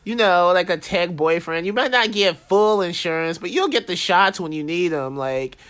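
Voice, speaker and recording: A man chatting casually on a podcast, camp and animated, swearing often. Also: sits high, moderate pace. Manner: profane, campy and animated. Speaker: guest. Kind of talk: casual chat. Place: Bay Area.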